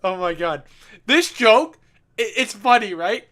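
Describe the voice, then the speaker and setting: Lively high-voiced young man, laughing. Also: unhurried. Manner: animated, laughing, swearing, self-mocking. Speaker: commentary host. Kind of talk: director's commentary on own gameplay video.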